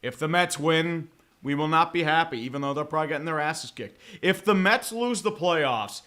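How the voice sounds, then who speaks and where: Bright-voiced joking man hosting a sports stream. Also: on the high side, lively intonation, moderate pace. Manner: joking, profane, rambling, with big dramatic swings. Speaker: livestream host. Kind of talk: casual live sports watch-along chat.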